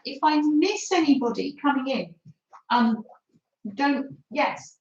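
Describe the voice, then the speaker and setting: A woman's voice: high-pitched, expressive, takes it slowly, echoey room, dull audio. A woman hosting a chatty craft livestream, reading out and answering viewer comments and laughing often. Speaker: livestream host.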